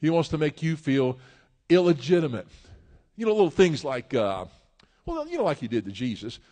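Emphatic male preacher, loud peaks. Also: big pitch swings, fairly quick. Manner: emphatic, rising to loud peaks then dropping low; repeats phrases, stumbles and restarts. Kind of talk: sermon.

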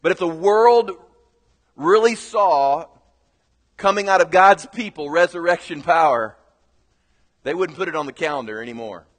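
A pastor preaches a sermon in a high, bright-edged male voice. He tells his story earnestly and rises to loud exhortation. A long hall reverb trails his words. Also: moderate pace, long pauses.

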